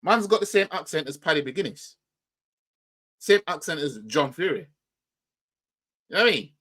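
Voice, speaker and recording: A man's voice: on the high side, animated, moderate pace, fairly bright tone. Argumentative Yorkshire man. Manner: rambling, argumentative, rhetorical questions. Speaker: football reaction channel host. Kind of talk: casual reaction commentary.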